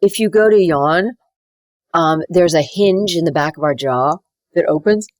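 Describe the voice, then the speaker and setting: A woman, a dialect coach talking casually on a podcast and explaining with lively demonstrations. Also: lowish voice, measured pace, dry recording. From United States. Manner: animated, demonstrative, slips into accent impressions while explaining.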